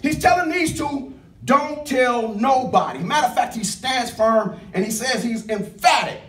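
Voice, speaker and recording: Male pastor, high voice, lively call-and-response preaching, distant mic in a reverberant sanctuary. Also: normal speed. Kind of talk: sermon. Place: church sanctuary. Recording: echoey church room, mic at a distance. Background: congregation responding with amens.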